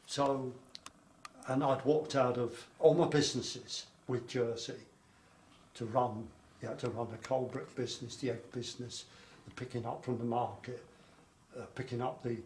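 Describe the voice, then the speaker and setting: A man's voice: medium pitch, steady tone, normal speed, a little mellow. An older man being interviewed about his wartime childhood, telling his story in a rambling way with repetitions. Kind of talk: oral history interview. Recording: echoey room, faint background noise.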